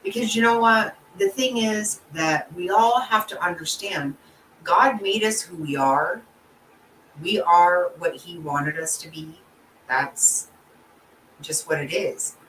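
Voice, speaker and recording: A woman's voice: fairly low pitch, slow, a bit bright. A woman host chatting casually with her viewers, blunt and emotional, swearing freely as she answers their comments. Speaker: channel host. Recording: roomy echo, distant from the mic, faint background noise.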